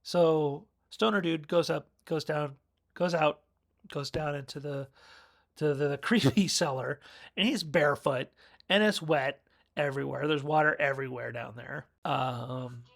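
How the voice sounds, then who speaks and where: A man talks through a movie recap in a loose, rambling way, often stopping to correct himself. His voice sits a little high for a man and has a gravelly edge. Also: a little slow, fairly bright tone. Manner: rambling, self-correcting, with chuckles. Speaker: movie reviewer. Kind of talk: casual film review.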